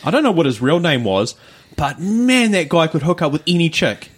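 A man's voice: on the high side, big pitch swings, normal speed, breathy edge. A man co-hosting a podcast, telling a rambling story in casual chat with plenty of fillers and laughs. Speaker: podcast co-host.

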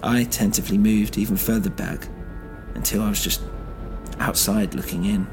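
A man narrating a first-person tale in a measured, low-key way. His voice sits low and gravelly, with faint music under it. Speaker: narrator and host.

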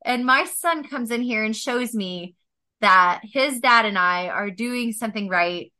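A woman guest on a podcast interview telling heartfelt personal stories, animated and laughing often as she talks. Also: a little high, measured pace.

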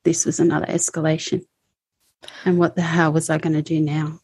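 A woman recounting her personal experiences as an interview guest, speaking in a halting, emotional way. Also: sits low, flat delivery, a little mellow, breathy edge, dry recording. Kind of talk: personal testimony.

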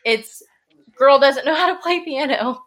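A woman's voice: high-pitched, unhurried, a bit bright. A young woman from Illinois hosting a casual movie commentary, chatty and gushing, with lots of "like". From Illinois, USA. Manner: chatty and gushing, says "like" a lot. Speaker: podcast host.

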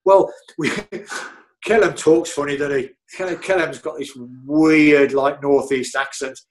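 A former footballer and physio telling stories in an animated, chatty way, repeating himself and laughing often. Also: male voice, a little high, measured pace, a little hiss or hum. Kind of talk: casual storytelling interview.

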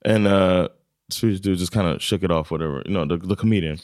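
A man's voice: sits low, quick pace. An American man in his thirties, co-hosting a podcast in casual chat and telling stories with acted-out quotes. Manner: animated storytelling, acts out quotes. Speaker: podcast co-host.

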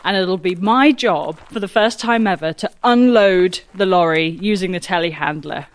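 A woman's voice: fairly low pitch, moderate pace, no room sound. A woman farmer chatting casually in a rambling, self-mocking way as she vlogs from her farmyard. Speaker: farmer and vlogger. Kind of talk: casual vlog narration. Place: farmyard outdoors.

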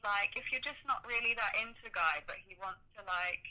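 A woman's voice: medium pitch, brisk, sharp tone, poor audio. A British woman chatting casually as an interview guest, full of filler words. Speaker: podcast guest.

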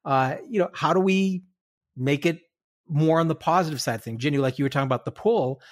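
A man who is a guest author on a podcast, explaining his ideas in a lively way with many restarts. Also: on the high side, fairly quick. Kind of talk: casual conversation.

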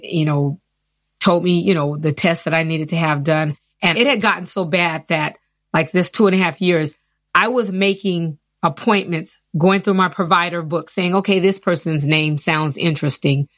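A woman in her fifties telling her personal story in an interview, earnest and animated. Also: lowish voice, no echo, clean studio sound. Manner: earnest, animated retelling with acted quotes. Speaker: interview guest.

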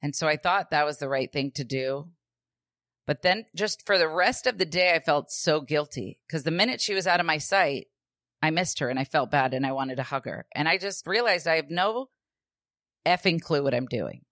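Co-hosting a podcast, a woman with a fairly low voice chats casually and tells her story in an animated way, acting out the voices of people she quotes and swearing casually. She speaks at a moderate pace, and the sound is dry and close with no echo.

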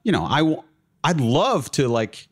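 A man's voice: medium pitch, very animated, a little slow, breathy edge. A young man telling a long personal story in a casual chat as a guest, full of fillers like "like" and "uh". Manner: rambling, filler-heavy, laughs through his stories.

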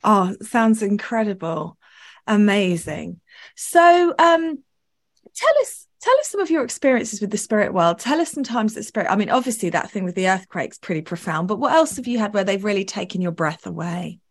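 A woman's voice: medium pitch, very animated, normal speed. A woman hosting an interview, gushing with effusive praise and asking eager questions. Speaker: interview host. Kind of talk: casual interview.

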